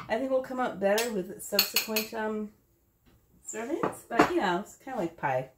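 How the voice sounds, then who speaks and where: A woman's voice: mid-range voice, animated, normal speed, a little hiss or hum. Chatty woman tasting in an echoey kitchen. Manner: chatty, thinks aloud, tastes while talking. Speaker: home cook hosting a recipe demo. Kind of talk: casual cooking demo talk. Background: clinking dishes and cutlery.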